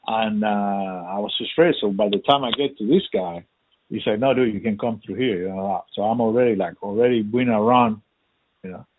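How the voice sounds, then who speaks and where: A man's voice: on the low side, moderate pace, slight background noise. A man telling a story in casual chat, swearing a lot and acting out what people said. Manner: profane, animated, acts out quotes. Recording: tinny phone-like sound.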